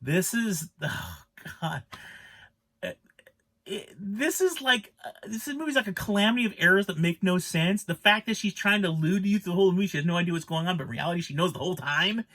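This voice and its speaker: A man's voice: high-pitched, expressive, fairly quick, sharp tone. A man giving a casual spoken movie review, rambling and exasperated, restarting his sentences as he rants.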